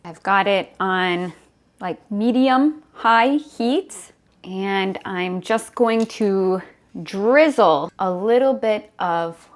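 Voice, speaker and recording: A woman's voice: medium pitch, a little hiss or hum. A young woman narrating her day in a casual, chatty vlog, laughing easily. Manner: chatty, laughs often, breathless while running. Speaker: English vlogger.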